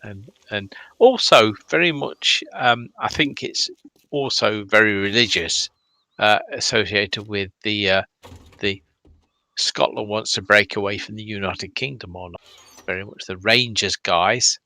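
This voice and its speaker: A blunt English man chats while playing a game, his low voice gravelly with a bright, cutting edge. The sound is dry and close, with no room around it. He swears freely and laughs easily. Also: a little slow, no echo. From England. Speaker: gamer. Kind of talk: casual gaming chat over voice comms.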